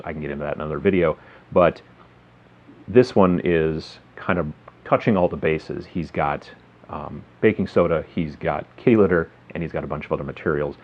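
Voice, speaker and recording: Man, very low voice, casual hobby tutorial, friendly rambling, muffled recording. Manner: rambling, friendly, filler-heavy explaining. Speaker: miniature hobby video host. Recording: slightly dull lo-fi sound.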